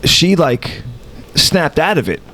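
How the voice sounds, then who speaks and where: A man's voice: fairly high pitch, slow. A man co-hosting a casual podcast, telling a story and acting out the quotes, with a New York accent. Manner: animated storyteller, acts out quotes. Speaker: podcast co-host. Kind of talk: casual chat.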